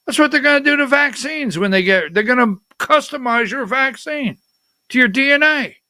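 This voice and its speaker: A man's voice: very high voice, expressive, moderate pace, bright, forceful tone, no echo, clean studio sound. An older man hosting a political talk livestream, rambling from topic to topic in a chatty way and calling out instructions to his producer as he goes. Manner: chatty, jumps between topics, talks to his producer mid-show. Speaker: political talk show host.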